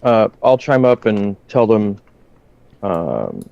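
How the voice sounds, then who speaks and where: Game player guy, mellow voice, dull dry mic. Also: fairly low pitch, big pitch swings, slow, creaky, dry recording. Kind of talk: tabletop role-play.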